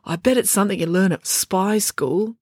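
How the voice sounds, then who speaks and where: A woman's voice: medium pitch, moderate pace, darkish tone, no echo, clean studio sound, close to an everyday voice. A woman voicing an anxious, timid boy with a wry, complaining way of talking. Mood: nervous.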